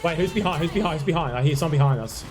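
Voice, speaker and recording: A man's voice: fairly high pitch, very fast, over music. A young man streaming a game live, chatting to viewers, yelping and apologizing as he plays. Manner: excitable, yelps and apologizes, chats to viewers. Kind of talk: live gameplay commentary.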